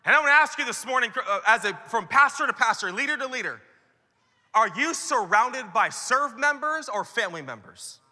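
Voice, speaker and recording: A man's voice: very high voice, expressive, moderate pace, pushed and bright, in a large hall. A man preaching a sermon to church leaders at a conference, talking casually and acting out the voices he quotes. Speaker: pastor. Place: large conference hall.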